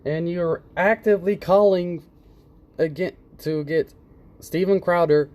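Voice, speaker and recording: A man with a mellow, darker voice delivers casual reaction commentary. He is sarcastic and profane, and he breaks into mocking impressions. His tone is scornful and conversational. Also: sits high, a little slow.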